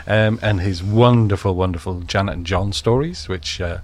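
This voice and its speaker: A male radio co-host playing along in casual studio banter, then briskly introducing a comic segment. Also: low-pitched.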